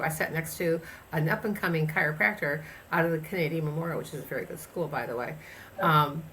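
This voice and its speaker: A woman's voice: on the low side, fairly bright tone, slight background noise. A woman in her sixties from the United States, a chiropractor telling travel stories in a casual interview, rambling with many fillers and restarts. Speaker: guest chiropractor.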